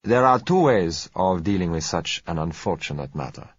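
A sleek, suave foreign dealer in a storybook reading, polite and unhurried, as a male reader puts him on. His voice sits very low with a husky edge. The recording is dry and a little dull. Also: lively intonation, no room sound. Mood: smooth, polite.

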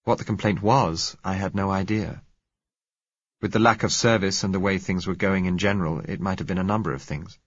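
A man narrating a novel in the first person, measured and reflective. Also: sits low, fairly even intonation, no echo, highs cut off.

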